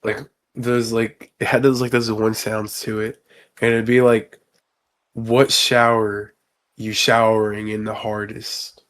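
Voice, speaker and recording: A man's voice: on the low side, level tone, slow pace, fairly bright tone. Rambling young man in casual chat. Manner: rambling, lots of fillers. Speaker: podcast co-host.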